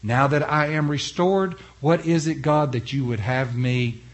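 A male pastor preaching a sermon in an emphatic way, swinging from hushed to loud and putting rhetorical questions to the congregation. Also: medium pitch, unhurried.

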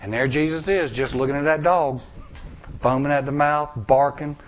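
A male preacher, telling a story in a sermon, acting out voices and swinging from loud bursts to hushed lines. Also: on the high side, fairly even intonation, moderate pace.

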